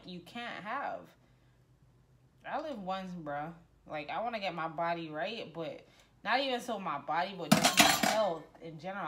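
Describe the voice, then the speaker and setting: A woman's voice: on the low side, a bit bright. A young woman vlogging casually, playful and chatty, using lots of slang as she talks to her viewers. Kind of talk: casual chat.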